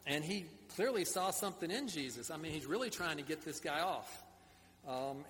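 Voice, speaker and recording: A man's voice: on the high side, big-room sound, a little hiss or hum. A man preaching a sermon in a conversational way, with asides to the congregation. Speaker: pastor.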